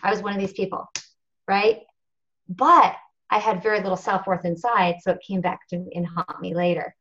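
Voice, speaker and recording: On a team call, a woman who serves as national marketing director delivers a motivational talk drawn from her own experience. Her mid-range, slightly bright voice keeps a fairly even intonation at a moderate pace, the highs clipped off, and she repeats herself for emphasis in an earnest, confessional tone.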